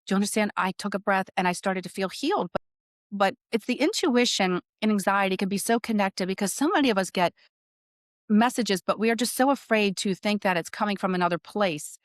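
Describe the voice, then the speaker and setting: A woman's voice: medium pitch, fairly quick, no echo, clean studio sound. A woman co-hosting a spiritual podcast, telling a personal story in earnest, casual chat and often checking in with "right?". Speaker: podcast co-host and spiritual medium.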